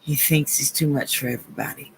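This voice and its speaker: A woman's voice: rumbling low, fairly even intonation, fairly quick, gravelly, slight background noise, poor audio. A woman with a Southern US accent giving a live-stream card reading to her chat, earnest and blunt, repeating phrases and calling people honey and baby. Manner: gushing, calls listeners honey and baby. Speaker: psychic card reader.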